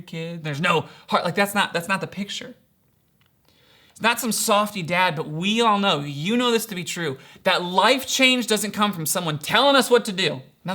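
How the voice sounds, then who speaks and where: A man's voice: high voice, bright, forceful tone. A man preaching as a pastor in an earnest, conversational sermon, often asking rhetorical questions and using casual fillers. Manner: casual fillers like "kinda" and "right?".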